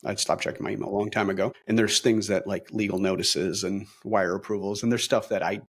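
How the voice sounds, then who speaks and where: A middle-aged man talking as an interview guest, energetic and optimistic, with many fillers and restarts. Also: fairly low pitch, brisk, breathy edge. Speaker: brokerage leader, interview guest. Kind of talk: casual interview talk.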